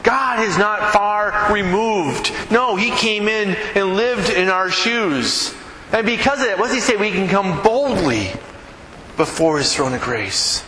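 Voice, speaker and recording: A man's voice: high-pitched, animated, measured pace. Man preaching in an echoey hall. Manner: preaching, rhetorical questions, swinging from hushed to raised. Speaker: pastor. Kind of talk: sermon. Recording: echoey hall with background noise.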